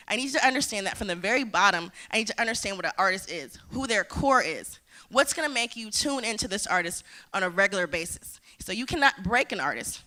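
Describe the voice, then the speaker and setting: A woman's voice: mid-range voice, sharp tone. A woman, giving a motivational conference talk and telling her story with acted-out dialogue. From United States. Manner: storytelling, acting out quoted dialogue. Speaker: conference speaker.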